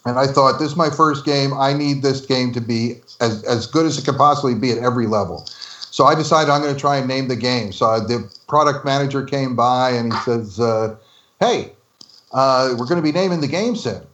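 A man's voice: medium pitch, a little fast, fairly bright tone, reverberant, dull audio, slight background noise. A man from New Jersey telling stories as an interview guest, laughing often and acting out the dialogue he quotes. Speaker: interview guest, former game developer. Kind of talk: casual storytelling interview.

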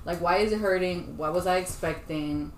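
A woman hosting a casual podcast chat, talkative and animated, laughing easily. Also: lowish voice, normal speed. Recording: echoey room, faint hiss.

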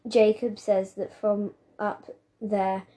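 A woman's voice: medium pitch, flat delivery, slow pace, dark tone, close to an everyday voice. A woman reading the lines of a self-assured boy in a children's novel, plain and matter-of-fact.

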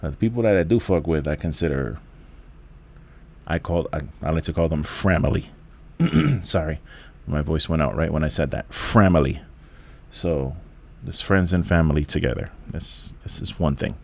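A man's voice: a bass voice, lively intonation, moderate pace, creaky, a little mellow. A man, hosting a candid solo podcast from home in a laid-back, rambling, profane way with lots of restarts. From the Bronx, New York. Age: 40s. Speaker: podcast host.

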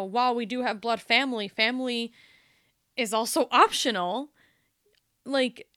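A young woman speaks in a personal podcast monologue, candid and emotional, with lots of fillers and the odd swear word. Her voice sits a little high and sounds smooth and clear. It is recorded close and dry, with no room sound. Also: a bit bright, dry recording. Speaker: podcast host.

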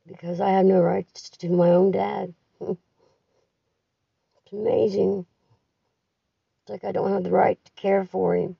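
A middle-aged woman with a husky, heavily gravelly voice leaves a bitter, profane voice message. She talks slowly and sounds tired and grieving. The phone recording is dull and lo-fi, with her set back from the mic. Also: medium pitch, flat delivery, no room sound, far from the mic. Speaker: caller leaving a voice message. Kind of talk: raw venting voice message.

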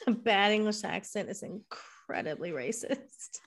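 A woman's voice: mid-range voice, lively intonation, a little slow, a little hiss or hum. A woman co-hosting a podcast in casual chat, teasing and blunt, with a headache. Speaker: podcast co-host.

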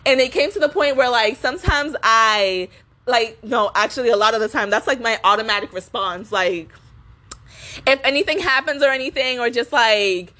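A woman's voice: on the high side, moderate pace, bright, forceful tone. A young woman vlogging a casual rant full of cursing and fillers, laughing often between sentences. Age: young adult. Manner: swearing, rambling with many fillers; laughs often while talking.

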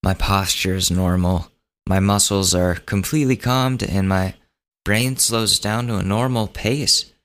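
Deep-voiced man telling a story casually. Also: measured pace, a bit bright. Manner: laid-back, joking, chatty. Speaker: podcast host.

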